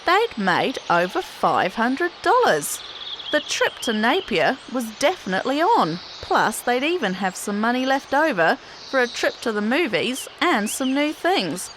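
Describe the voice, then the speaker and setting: A woman reading a children's story aloud for a classroom podcast, in an expressive, clearly paced storytelling manner. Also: a little high, a little slow. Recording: noticeable background noise.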